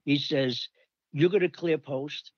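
A man's voice: a little high, slow, no room sound, muffled recording. Older man rambling through old army stories. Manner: rambling, animated, acts out quoted voices. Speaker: storyteller recalling army days. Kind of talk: casual anecdote.

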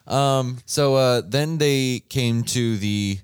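A man co-hosting a podcast, telling a story in casual chat with animated delivery. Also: mid-range voice, slow pace, clear, resonant tone, no echo, studio quality. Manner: animated storyteller, laughs at his own tale. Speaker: podcast co-host.

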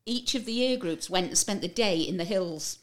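Lively woman telling school stories. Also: mid-range voice, moderate pace. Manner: lively storytelling with laughs and restarts. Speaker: former teacher at a special school. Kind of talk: casual chat, telling anecdotes.

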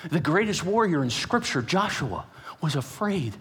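A man preaching a sermon, telling the story with animated energy and acting out the characters with sudden jumps in pitch. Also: normal speed, breathy edge, big-room sound. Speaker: pastor.

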